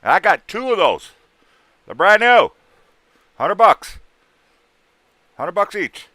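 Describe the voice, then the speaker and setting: A man hosting a livestream, bluntly pitching ghost hunting gear in rough, casual sales patter. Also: very animated, takes it slowly, pauses often, pushed and bright, no echo. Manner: rough-spoken, blunt, salesman patter with sound-effect noises.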